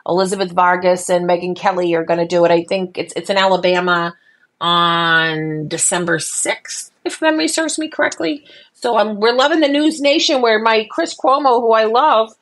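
A woman's voice: mid-range voice, moderate pace. Chatty woman podcast co-host. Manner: chatty, lots of fillers and restarts, animated. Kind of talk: casual political chat.

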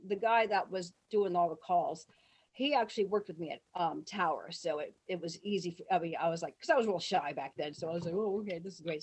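Woman storyteller, mid-pitched, animated, swears freely, acts out shouted quotes. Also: slightly rough. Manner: swears freely, laughs while telling. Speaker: guest telling stories. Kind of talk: casual storytelling.

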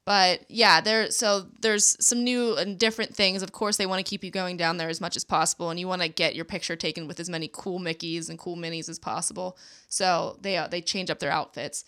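Chatty woman with vocal fry. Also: fairly low pitch, fairly even intonation, fairly quick, pushed and bright. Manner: chatty, lots of fillers and restarts. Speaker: podcast co-host. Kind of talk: casual chat.

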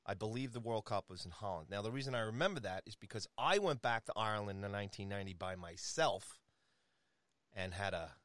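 A man from New York tells a loose, rambling anecdote, stopping and restarting as he goes. His voice is bright and animated, rising and falling widely in pitch. It is recorded close and dry, with no room sound. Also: brisk, no room sound. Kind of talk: casual storytelling in conversation.

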